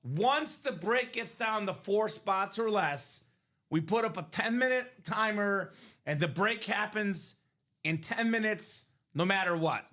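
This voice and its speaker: Male live-break host, high bright voice, bouncy delivery, talks straight to chat. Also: unhurried. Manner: animated, explains rules to chat. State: coughing, losing his voice. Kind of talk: live stream sales chat.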